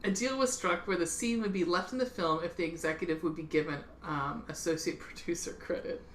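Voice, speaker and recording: A woman's voice: on the low side, a little fast. A woman co-hosting a casual podcast, laughing and swearing freely as she reads out film notes. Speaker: podcast co-host. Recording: roomy with faint background noise.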